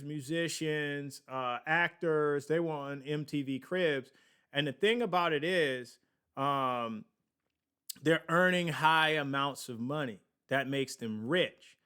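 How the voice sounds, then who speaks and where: A man's voice: fairly high pitch, fairly bright tone, smooth. A man hosting a casual finance podcast, rambling and digressing, with many fillers and laughs at himself. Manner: slow, drawn-out delivery with many fillers. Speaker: podcast host. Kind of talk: casual finance talk on a livestream.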